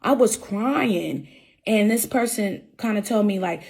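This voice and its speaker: A woman's voice: medium pitch, a little slow, gravelly, a little mellow, slightly rough. A young woman speaking straight to her viewers about being suspended at work, earnest and repeating herself as she goes over each point. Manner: repetitive, earnest, often restates her point. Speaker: employee telling her story. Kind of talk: emotional personal account to camera.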